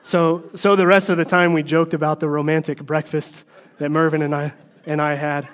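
A man's voice: fairly high pitch, little pitch movement, normal speed. A man preaching a conversational sermon, informal and full of fillers and restarts, with emphatic, opinionated asides. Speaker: preacher teaching a Bible study.

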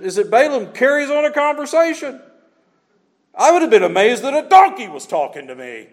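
A man's voice: very high-pitched, very animated, a little fast. A man preaching a sermon with emphatic, repeated key phrases, in a church. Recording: long hall reverb.

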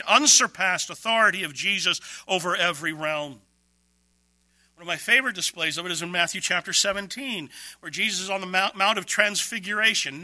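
A man preaching an expository sermon, emphatic, with quick bursts and slow, stressed words. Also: high-pitched, bright, forceful tone, no echo.

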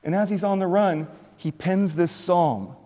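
A man preaching a sermon, retelling a scripture story with animated storytelling, acting out the scenes and cracking puns. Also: high-pitched, a little slow. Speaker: pastor. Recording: long hall reverb.

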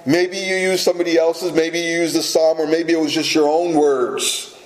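A man preaching a sermon as pastor, deliberate and emphatic, repeating words for weight. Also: fairly high pitch, darkish tone, reverberant, rough recording.

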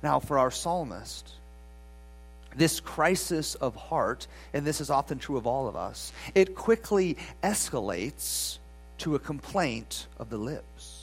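A preacher delivers a sermon at an unhurried pace, drawing out the words. The voice rises and falls widely, swinging from loud, pleading passages to near whispers, and keeps turning to the congregation with rhetorical questions. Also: medium pitch, expressive, slightly rough. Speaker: pastor.

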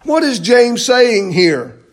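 A man's voice: very high-pitched, sing-song, slow. A man preaching a sermon in a church, emphatic and full of rhetorical questions and repeated phrases. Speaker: pastor.

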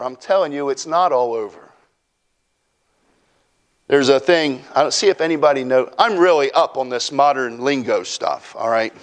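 A man's voice: mid-range voice, normal speed. A man preaching a sermon in a folksy way, acting out quotes from his text. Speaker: pastor.

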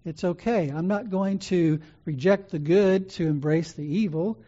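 A preacher voicing a defiant old man, a martyr who answers calmly and firmly, in a slightly dull recording. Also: medium pitch, unhurried, lightly acted.

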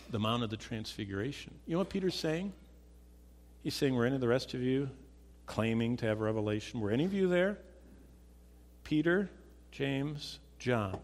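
Emphatic preacher man in a reverberant hall. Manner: swings from loud emphatic peaks to quiet low asides. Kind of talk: sermon.

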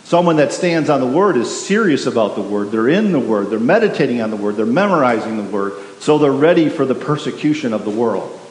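A pastor preaching a sermon, emphatic and repetitive, putting questions to the congregation. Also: male voice, medium pitch, lively intonation, fairly quick, hardly any pauses, a little mellow. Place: church sanctuary. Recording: echoey hall with faint hiss.

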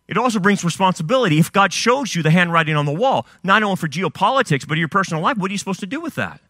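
A male preacher delivers a fiery sermon in a high voice that leaps and plunges with every rhetorical question. His tone is bright and cutting, and the sound is dry and close to the mic. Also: very animated, very fast, dry recording. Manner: fiery rhetorical questions, rising and dropping emphasis.

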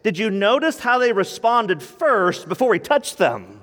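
A man's voice: high voice, big pitch swings, a little slow, a bit bright, long reverb tail. A man preaching a sermon to his church, moving from teaching into impassioned, pleading prayer. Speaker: pastor.

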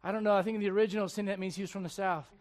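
High-voiced man preaching a lively sermon. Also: very fast. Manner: animated, humorous, laughing asides, acts out quotes. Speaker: pastor.

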